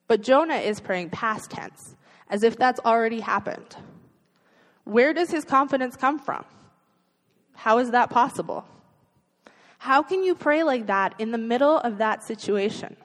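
A woman's voice: a little high, expressive, a little slow, fairly bright tone, big-room sound, poor audio. A woman preaching a sermon in an earnest, conversational way, asking rhetorical questions of her listeners.

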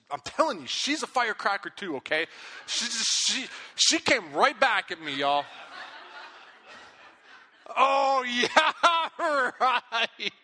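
Male pastor, animated storyteller, high and sharply bright, recorded in a reverberant hall. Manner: animated storytelling, acts out his own angry outbursts. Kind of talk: sermon. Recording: long reverb of a big hall.

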